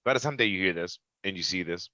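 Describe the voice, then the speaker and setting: A man co-hosting a casual review show, jokey and quick to laugh. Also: low voice, sharp tone, dry recording, dull audio. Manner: jokey, laughing, mock voices. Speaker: podcast co-host.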